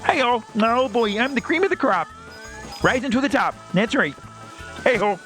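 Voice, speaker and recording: A man doing an impression of a raspy, boastful male pro wrestler, with loud, hyped-up bragging. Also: extremely high pitch, expressive, moderate pace, over music, voice pushed up.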